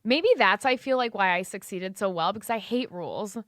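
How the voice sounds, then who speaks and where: A young adult woman co-hosting a podcast in casual chat, animated and swearing freely as she acts out other people's voices. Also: mid-range voice, brisk, no echo, studio quality. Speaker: podcast co-host.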